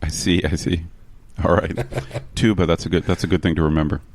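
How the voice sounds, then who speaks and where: A man's voice: deep voice, little pitch movement, brisk, creaky. A man co-hosting a podcast, chatting in an easygoing, agreeable way with frequent restarts. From expat living in Bangkok. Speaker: podcast co-host. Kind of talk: casual chat.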